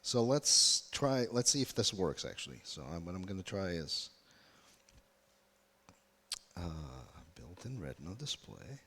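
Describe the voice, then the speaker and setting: Guy giving a workshop talk, super animated voice, lots of questions to the crowd, echoey hall. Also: low-pitched, measured pace, pauses often, husky. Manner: lively, engaging, asks the audience questions. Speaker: UX workshop speaker. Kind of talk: live presentation to an audience. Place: conference room. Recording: reverberant conference hall.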